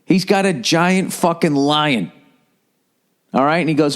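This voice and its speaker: Profane comedian ranting in a podcast. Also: male voice, a little high, normal speed. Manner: profane, rambling, animated. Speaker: podcast host. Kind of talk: comedic storytelling rant.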